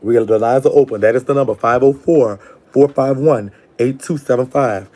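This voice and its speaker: A man's voice: medium pitch, normal speed. A man hosting a live call-in show, giving blunt, slangy advice. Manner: blunt, slangy, talks back to callers warmly. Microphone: live stream call-in setup.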